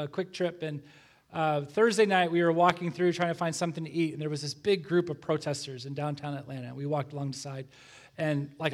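A middle-aged man preaching with earnest conviction in a fairly high voice. He moves between slow scripture readings and a casual personal story, always as a pastor addressing a congregation. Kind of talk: sermon.

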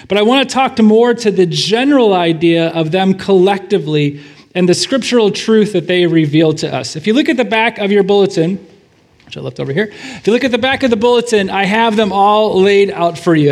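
A man with a high voice preaches a sermon to his congregation. He talks conversationally, with fillers and friendly asides. His voice stays high as he moves from prayer into teaching. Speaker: pastor.

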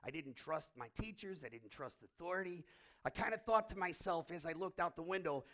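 A man's voice: fairly high pitch, expressive, a little fast, fairly bright tone. A middle-aged man preaching a sermon as pastor, telling a story emphatically and asking rhetorical questions.

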